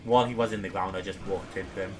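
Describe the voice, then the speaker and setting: A man's voice: low voice, fairly even intonation, fast, music in the background. A young man casually commenting on his own gameplay, chatty and self-deprecating as he talks himself through a boss fight. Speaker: gaming streamer.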